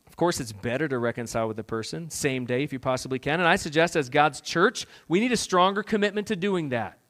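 A male pastor preaching a sermon, rising to loud urgent questions and dropping to quiet, prayerful tones. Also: fairly high pitch, expressive, fast talker. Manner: dramatic swings between loud urgent questions and quiet prayerful near-whispers.

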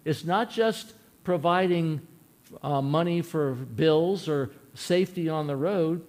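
A man's voice: high-pitched, a little mellow. A man preaching a sermon in an earnest, folksy way, telling a personal story and asking his listeners questions.

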